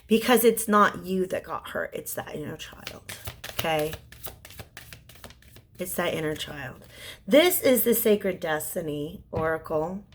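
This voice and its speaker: Soft-spoken woman reading tarot. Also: medium pitch, slight background noise. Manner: gentle, soothing, sometimes dropping to a whisper; halting restarts and repeated words. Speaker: tarot reader. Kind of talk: intuitive tarot reading to a viewer.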